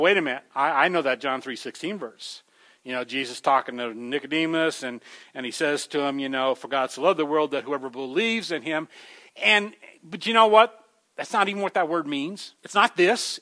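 A man's voice: sits high, pushed and bright. A man preaching a sermon in a conversational way, calling his listeners folks and growing more emphatic as he urges them. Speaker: pastor.

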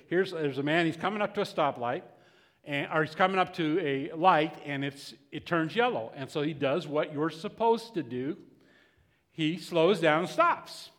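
A man's voice: a little high, normal speed, fairly bright tone, big-room sound. A man preaching a sermon in a conversational way, often restarting and repeating words.

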